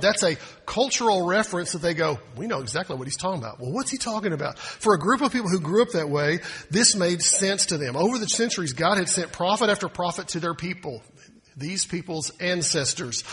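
A bright, higher-pitched man with a husky edge delivers a sermon in a conversational way. He throws rhetorical questions at the congregation and slips into quoted voices to make his point. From United States. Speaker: pastor.

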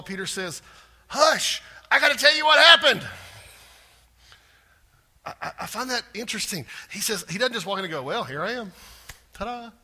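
A man preaching a sermon as pastor, animated, acting out scripture scenes and putting questions to his congregation. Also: fairly high pitch, husky. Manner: animated, acts out scripture quotes with rising intensity; asks the congregation direct questions.

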